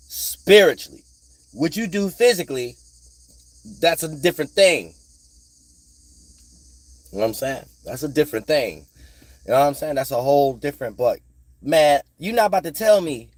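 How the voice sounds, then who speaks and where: A man's voice: mid-range voice, no room sound. A man giving a rambling spiritual monologue, profane and streetwise, repeating phrases and constantly asking if you follow him. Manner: profane, streetwise, keeps asking "you know what I'm saying"; repeats phrases in sing-song bursts. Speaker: spiritual vlogger.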